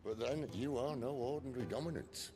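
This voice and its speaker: An actor playing a calm, worldly older man in a video game, speaking in a measured way over game music. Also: medium pitch, natural voice.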